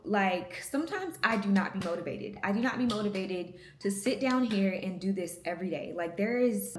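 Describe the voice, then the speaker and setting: A woman in her thirties talks casually to her vlog camera from home, playful and quick to poke fun at herself. She speaks at an ordinary mid pitch. The room around her is noticeably echoey. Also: fairly bright tone. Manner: chatty, playful, self-mocking. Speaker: vlogger, medical student.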